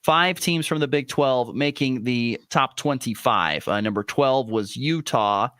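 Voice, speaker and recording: Radio sports guy, middle pitch, dead dry studio sound, rambling with lots of uhs. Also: unhurried, no room sound. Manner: chatty, many "uh" fillers, lively swings in pitch. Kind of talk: morning sports radio talk. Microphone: studio microphone.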